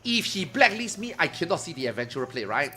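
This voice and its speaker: A man streaming, telling a story to his chat in a casual, animated way, swearing freely and acting out his friends' lines. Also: a little high, fast, soft background music.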